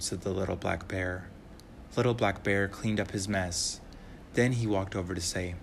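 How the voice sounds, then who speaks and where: A man reads a rhyming children's story aloud in a measured way. His voice is low and gravelly. A light hiss sits behind it. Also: fairly even intonation.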